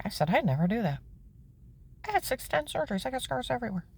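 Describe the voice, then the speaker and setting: A woman telling the story of her own life in plain words, emphatic and indignant, her voice climbing high when she is upset. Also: sing-song, quick pace, vocal fry, slightly rough. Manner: plain-spoken, with frequent "okay?" asides. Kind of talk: personal testimony, candid storytelling.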